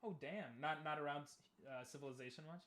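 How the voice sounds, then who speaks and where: A young man casually commenting on a game he is playing, chatting with viewers and bursting into loud cheers. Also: a little high, brisk, slight background noise. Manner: talks to chat, asks viewers questions. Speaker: streamer.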